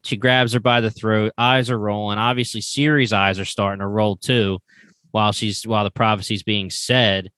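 A man co-hosting a podcast, rambling through an animated retelling in casual chat. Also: fairly low pitch, normal speed, no echo. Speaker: podcast co-host.

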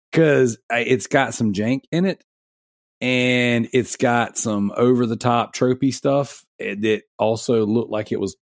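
A man's voice: medium pitch, no room sound, studio quality. A man in his thirties hosting a casual gaming podcast, chatty and rambling, laughing often. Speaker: podcast host.

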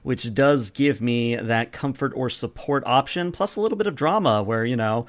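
A man of middling pitch talks through his tabletop character in easygoing chat. He rambles, corrects himself and slips in jokes as he goes. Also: animated. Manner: rambling and self-correcting, joking, quick to laugh. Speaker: tabletop game player. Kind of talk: casual chat about building a character.

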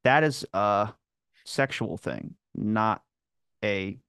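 A man's voice: fairly low pitch, drawn-out words, a bit bright, smooth, no echo, studio quality. A man in his twenties from Maryland with a Baltimore accent, hosting a podcast in casual, rambling chat full of "like". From Maryland, USA. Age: 20s. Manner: rambling, heavy use of "like". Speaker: podcast host.

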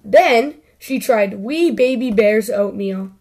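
Kids' story host, female, unhurried and light-voiced. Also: on the high side, lively intonation, dark tone. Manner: slow, deliberate storytelling. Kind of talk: reading a children's story.

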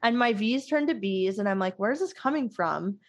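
A woman's voice: mid-range voice, animated, normal speed, over a noisy crowd. A young woman hosting a casual podcast chat, rambling with lots of fillers and frequent laughter. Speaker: podcast host.

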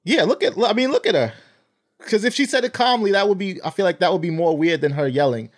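Matter-of-fact man, raised pitch. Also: lively intonation, quick pace. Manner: patient, explaining, matter-of-fact. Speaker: podcast co-host. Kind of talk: casual wrestling chat.

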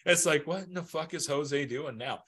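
A man's voice: fairly high pitch, normal speed, a bit bright, breathy edge. A man co-hosting a podcast in loose, profane casual chat, laughing often and stumbling over restarts. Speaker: podcast co-host.

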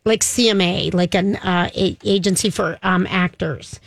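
A woman's voice: fairly low pitch, fairly even intonation, a little slow, vocal fry, no echo. A woman co-hosting a casual chat show, talking about TV shows with lots of gushing enthusiasm and fillers. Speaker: show co-host.

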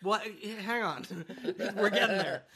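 A middle-aged man in casual chat, telling animated stories about his kids. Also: sits high, a little slow, crowd noise. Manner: animated storyteller acting out his kid.

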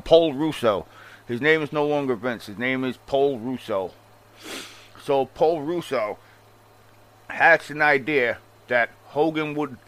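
A man ranting casually about wrestling history in a profane, animated and sarcastic manner. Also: medium pitch. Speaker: wrestling commentator. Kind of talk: casual rant.

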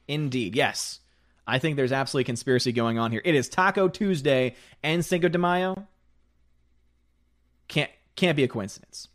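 A man's voice: on the high side, brisk. A man hosting a live stream, reading out viewer comments in a casual, joking way and laughing often.

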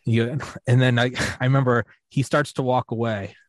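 A man's voice: mid-range voice, flat delivery, fairly quick, no echo. A man hosting a podcast, telling a rambling, profane drinking story in casual chat. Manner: rambling and profane, full of fillers and restarts. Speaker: podcast host.

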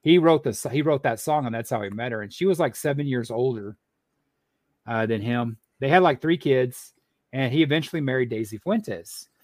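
A man's voice: mid-range voice, animated, normal speed, darkish tone, dry recording. A man co-hosting a podcast, chatting casually and rambling through stories with many fillers and restarts. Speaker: podcast co-host. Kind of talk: casual chat.

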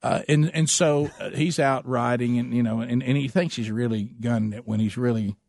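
A man hosting a radio show, telling a story in a casual, animated way with lots of restarts. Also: mid-range voice, brisk, creaky, no room sound, studio quality.

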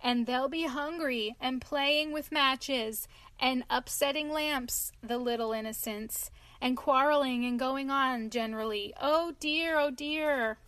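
A high-strung, boastful male toad voiced by a woman bursts into dramatic, pleading speech in a storybook reading. The voice sits fairly high and a little loud, with a dry, close sound. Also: slow pace, dry recording. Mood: sobbing.

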